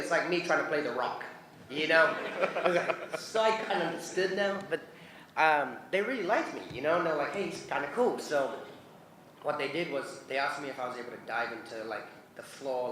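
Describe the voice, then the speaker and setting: A man in his forties with a New Zealand accent, telling lively stories at a convention Q&A, acting out the voices of the people in his anecdotes and laughing often. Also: medium pitch, brisk, slight background noise. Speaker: convention guest. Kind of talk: animated storytelling Q&A. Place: convention hall. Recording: roomy convention hall.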